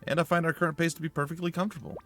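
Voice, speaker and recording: A man voicing a composed young princess, polite and measured. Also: a little high, flat delivery, a bit bright, soft background music, pitched above the performer's own voice. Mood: calm.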